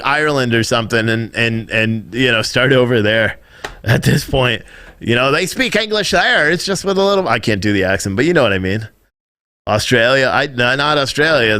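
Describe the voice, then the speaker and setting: A man's voice: mid-range voice, pushed and bright, clear, resonant tone. A man in his thirties hosting a live stream, rambling and swearing as he reads chat. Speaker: live streamer, news show host. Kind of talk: casual live-stream commentary.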